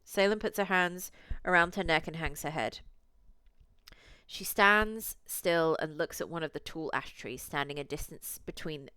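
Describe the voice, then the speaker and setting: Young woman, low smooth voice, dry close sound, reads a visual novel aloud, chatty asides. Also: measured pace, pushed and bright, no room sound. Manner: chatty, reacts to the story with cursing asides. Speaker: streamer.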